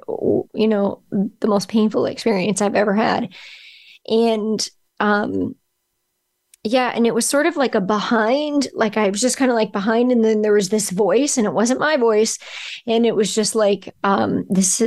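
A middle-aged woman appears as a podcast guest, telling a personal story haltingly, frequently restarting and hunting for words. Her voice is medium in pitch with a darkish tone.

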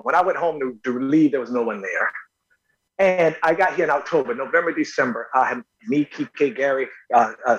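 A man from North Carolina, an actor interviewed as a guest, telling animated personal stories and often repeating words. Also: medium pitch, husky, dull audio. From North Carolina, USA. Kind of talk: casual storytelling interview.

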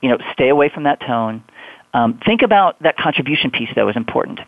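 A man's voice: medium pitch, a little fast, no echo. Man advising over a tinny phone line. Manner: relaxed, explanatory, many fillers. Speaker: guest admissions advisor. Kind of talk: conversational advice.

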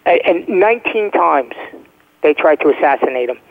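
A man's voice: fairly high pitch, expressive, moderate pace, creaky. Emphatic man on a tinny phone line. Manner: emphatic, checks in with "okay?". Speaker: guest, former first responder. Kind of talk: phone-in interview storytelling.

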